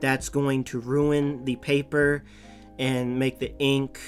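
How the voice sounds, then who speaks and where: A man's voice: mid-range voice, level tone, takes it slowly. Rambling man with a Boston accent. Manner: rambling, with self-corrections and small laughs. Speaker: channel host. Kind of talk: casual info-dump monologue. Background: soft background music.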